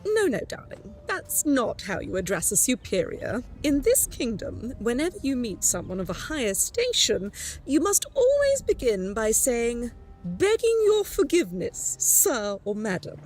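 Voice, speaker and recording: A condescending noblewoman whose sugary voice swoops wildly up and down. She lectures in a high, singsong tone dripping with patronizing sweetness. Faint game music sits under her. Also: wildly swooping pitch, unhurried, a little mellow. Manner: sugary, patronizing, calls others darling. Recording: game audio with music behind.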